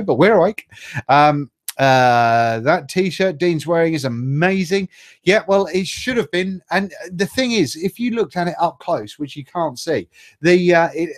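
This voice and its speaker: A middle-aged man runs a casual live stream, reading out viewers' names and greetings. He is chatty and jokey, trips over tricky names, and his voice sits a little high for a man.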